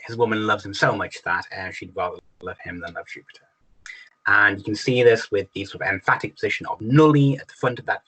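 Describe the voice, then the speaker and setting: A man with an English accent teaching a recorded Latin lesson, explaining in a relaxed way with frequent ums and self-corrections. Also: lowish voice, low-quality recording.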